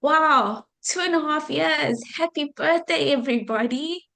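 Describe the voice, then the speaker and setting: A woman's voice: high-pitched, a little slow, gravelly, bright, forceful tone. A woman from South Africa giving a heartfelt, effusive thank-you speech to her community on a video call, repeating her thanks again and again. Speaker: community leader.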